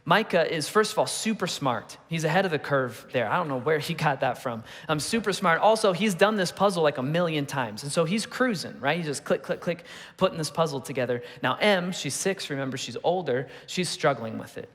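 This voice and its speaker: A man in his thirties gives a sermon in a loose, conversational way, asking his listeners questions as he tells a story. His voice is on the higher side. The sound rings with a long reverb from a large church hall. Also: lively intonation, a little fast, a bit bright. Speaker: pastor. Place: church auditorium.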